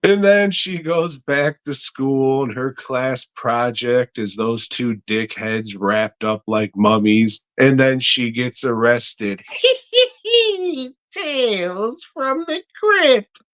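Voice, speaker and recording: A man on a podcast recaps a film at an unhurried, drawn-out pace. His voice sits at an ordinary middle pitch, and he swears freely and chuckles as he rambles through the story. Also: fairly even intonation, a bit bright. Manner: profane, laughing, slow rambling retelling. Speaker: podcast co-host. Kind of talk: casual movie recap.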